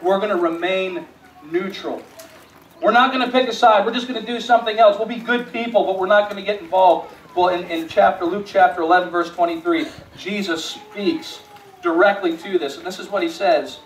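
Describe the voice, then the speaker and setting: A male pastor preaching a sermon in a church sanctuary, with a fairly high voice. He moves between quiet storytelling and rising, emphatic calls, and often repeats words as he restarts a phrase. The sound is echoey and a little distant, with a faint hiss behind. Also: brisk. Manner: swings from hushed storytelling to rising emphatic appeals.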